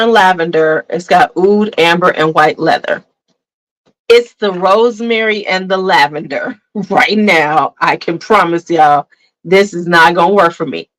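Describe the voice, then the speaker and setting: A woman's voice: medium pitch, fairly bright tone, poor audio. Blunt, chatty woman reviewing perfume. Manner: blunt, frank, chatty, addresses viewers as "y'all". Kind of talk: casual fragrance review vlog.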